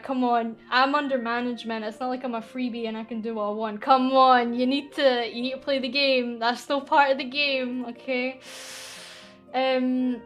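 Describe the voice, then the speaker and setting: A young Scottish woman streaming a casual, teasing Q&A with her chat, playful and quick to giggle. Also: sits high, steady tone, fairly bright tone, faint music behind. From Scotland. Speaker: VTuber streamer.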